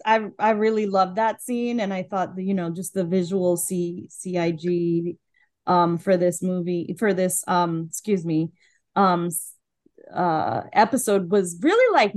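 A woman's voice: medium pitch, no echo. A woman co-hosting a casual podcast, giving her opinion of an episode in a chatty way with many fillers. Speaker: podcast co-host. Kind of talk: casual chat reviewing an episode.

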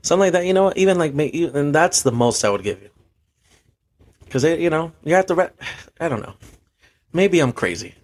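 A man's voice: a little high, animated, fairly quick, pauses often. A young man, a bartender and podcast host, telling a rambling story in casual, profane chat and laughing at himself.

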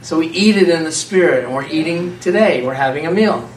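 A man preaching an informal, conversational sermon, animated and laughing often as a small group answers him. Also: on the high side, a little fast, a little hiss or hum. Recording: echoey room from far off.

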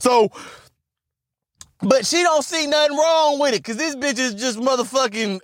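A man retelling a film plot in casual, profane, animated talk, often stammering and repeating himself. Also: very high-pitched, unhurried, pauses often, no room sound, studio quality. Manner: animated, repetitive, swears constantly, stammers on restarts. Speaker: movie recap vlogger.

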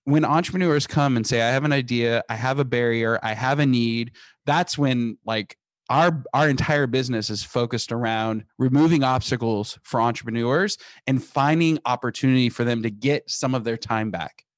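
Business founder guy on an interview, punchy and energetic, keeps restarting sentences, dry close sound. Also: mid-range voice, moderate pace, no room sound. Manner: emphatic, energetic, frequent restarts. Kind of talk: casual interview talk.

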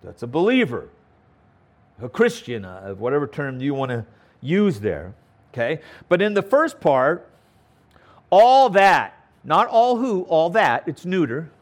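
A man's voice: mid-range voice, big pitch swings, a little slow. A man preaching a verse-by-verse Bible teaching sermon, stressing key words and often checking in with "okay?". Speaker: pastor.

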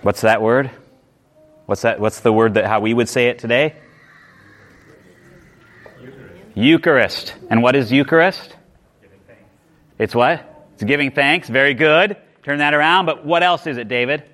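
A man's voice: mid-range voice, moderate pace, long pauses, fairly bright tone. Man preaching an emphatic sermon. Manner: emphatic preaching, repeats words and restarts phrases. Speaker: pastor.

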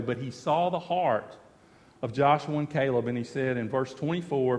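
A man's voice: medium pitch, normal speed, a little mellow, long reverb tail. A man preaching a sermon, repeating phrases for emphasis and speaking quoted lines of God and the people. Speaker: pastor.

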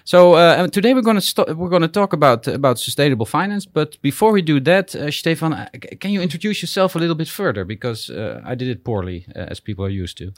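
A man with a Dutch accent hosting a podcast in an office, speaking with many pauses and fillers. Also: on the high side, big pitch swings, dry recording, studio quality. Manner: hesitant, many fillers and restarts, laughs easily. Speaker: podcast host. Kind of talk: casual interview chat. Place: office building.

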